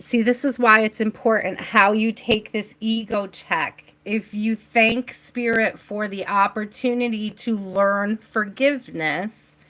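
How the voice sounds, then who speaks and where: A woman speaks slowly and unhurriedly, her voice at an everyday middle pitch. She leads a live tarot reading, coaching her viewers softly and chatting warmly with them between cards. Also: low-quality recording. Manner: chatty and affectionate with viewers, laughs often; gentle spiritual coaching tone. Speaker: tarot reader.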